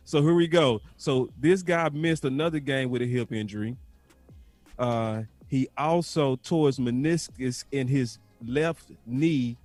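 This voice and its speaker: A man's voice: medium pitch, measured pace, darkish tone, no echo, soft background music. A man hosting a sports podcast, playfully acting out a mock office scene as he quizzes a coach. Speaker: podcast host. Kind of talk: casual sports talk, playing out a scenario.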